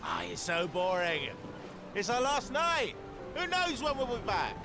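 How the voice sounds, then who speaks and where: An actor playing a drunk, cheerful expeditioner who slurs and jokes. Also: male voice, high voice, big pitch swings, a little slow, vocal fry, exaggerated voice. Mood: tipsy. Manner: drunk, slurring. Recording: game audio with music underneath.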